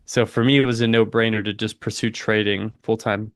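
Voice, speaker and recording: A man's voice: fairly low pitch, level tone, brisk, dry recording, clean studio sound. A young man in his twenties hosting a live trading stream, chatting casually in slang, saying "dude" a lot and answering chat while calling the market. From United States. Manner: laid-back slangy, says "dude" a lot, reads chat aloud. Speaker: livestream trading host.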